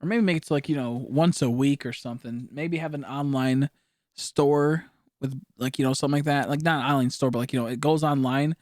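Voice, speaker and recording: Young man, game streamer, rambling casual chat, dry close sound, mid pitch. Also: steady tone, brisk, a little mellow, dry recording. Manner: rambling, mumbled asides, frequent fillers. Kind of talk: casual live-stream chat while gaming.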